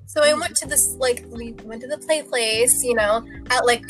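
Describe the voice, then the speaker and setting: A woman's voice: on the high side, moderate pace, a bit bright, soft background music, rough recording. A young woman casually telling a rambling story, giggling and acting out what people said. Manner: rambling, giggly, acts out quotes. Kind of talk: casual chat.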